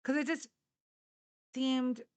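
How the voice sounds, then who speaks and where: A woman with a high, steady voice and a clean tone speaks slowly while hosting a casual political livestream from a hot indoor room. She talks bluntly, mocks her viewers and swears a lot, and the stream goes out live from a phone.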